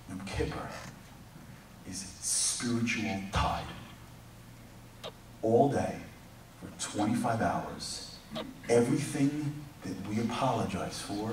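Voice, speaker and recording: Man, guest speaker, animated, loud to hushed, very echoey hall, distant mic, faint noise. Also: on the low side, takes it slowly, long pauses. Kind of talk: lively inspirational talk. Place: large congregation hall.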